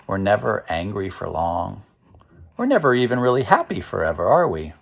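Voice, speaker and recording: A man reading a picture book aloud to children, stopping often to ask them gentle questions and lead breathing pauses. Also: on the low side, wildly swooping pitch, vocal fry. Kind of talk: interactive read-aloud for kids.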